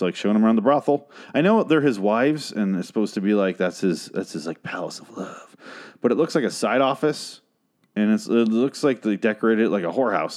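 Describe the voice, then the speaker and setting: A man's voice: fairly low pitch, darkish tone. Ranting, sarcastic man podcast host. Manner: sarcastic, ranting, profane, rambling. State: voice getting hoarse. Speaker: podcast host recapping a TV episode. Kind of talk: casual profane rant.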